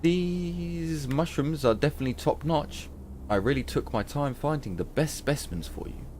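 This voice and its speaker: A man's voice: a little high, normal speed, darkish tone, a little hiss or hum, voice pushed up, natural voice. A man voicing a shrewd woman trading mushrooms, reading game dialogue aloud in a slightly raised voice. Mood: wry.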